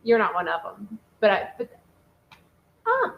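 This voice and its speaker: A woman co-hosting a casual relationship talk show, chatty and animated, reading out listener comments. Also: medium pitch, unhurried, gravelly, highs cut off, slight background noise. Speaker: podcast co-host.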